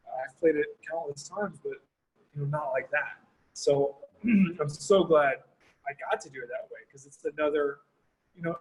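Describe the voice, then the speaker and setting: A man's voice: fairly high pitch, breathy edge, low-quality recording. A man, a guest horn player, answering questions on a video call in a thoughtful, rambling way full of "you know" and "like". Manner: thoughtful, uses many fillers like "you know" and "like". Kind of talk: reflective conversational answers.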